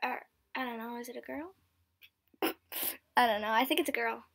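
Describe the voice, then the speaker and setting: A woman's voice: on the high side, moderate pace, gravelly, noisy background. A girl with new braces chatting casually while she plays an online game, giggling and often dropping to a whisper. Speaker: gameplay commentator.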